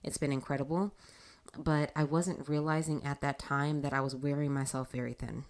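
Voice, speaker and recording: A woman hosting a casual faith talk show, telling a personal story in an animated way and laughing often. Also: deep voice, moderate pace. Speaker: podcast host.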